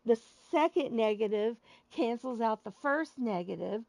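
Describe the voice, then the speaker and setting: A woman's voice: on the high side, lively intonation, a little slow, gravelly, a little mellow, no echo. A woman hosting a wrestling show stream, chatting casually with her audience in a rambling way and laughing at her own jokes.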